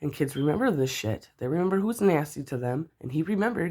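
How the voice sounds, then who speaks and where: Angry mom, profane heated rant, volume swinging between outbursts and low muttering. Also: female voice, animated, fast talker. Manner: heated, profane, swears constantly; voice spikes up loud, then drops low. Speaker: mother venting about another parent.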